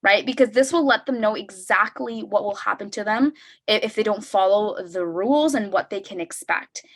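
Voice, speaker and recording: A young adult woman giving a parenting workshop over a video call. She talks conversationally, keeps asking "right?", and acts out parent lines in a brighter voice. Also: mid-range voice. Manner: conversational, tags sentences with "right?". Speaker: workshop presenter. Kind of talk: online parenting workshop talk.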